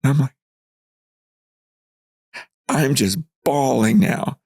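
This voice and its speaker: A man in his fifties, a pastor, telling a story earnestly in conversation, growing animated as he retells it. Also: mid-range voice, slow pace, vocal fry, husky, no room sound, studio quality. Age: 50s. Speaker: pastor, guest.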